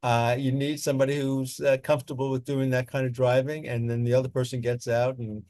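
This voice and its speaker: A man's voice: medium pitch, flat delivery, fairly quick, darkish tone, no room sound. A man moderating a volunteer panel, talking casually with many fillers and restarts. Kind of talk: casual online panel talk.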